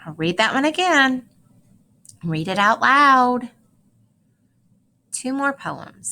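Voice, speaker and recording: A woman teacher gives a recorded lesson, reading short poems aloud slowly and carefully and telling students how to practice them. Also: a little high, big pitch swings, pushed and bright, a little hiss or hum. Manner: slow, careful, instructive read-aloud with clear phrasing.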